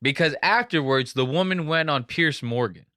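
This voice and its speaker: A man's voice: on the high side, moderate pace, pushed and bright, dry recording, studio quality. A young man hosting a casual podcast, rambling and swearing as he jokes through the story. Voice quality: profane, rambling, jokey. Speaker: podcast host.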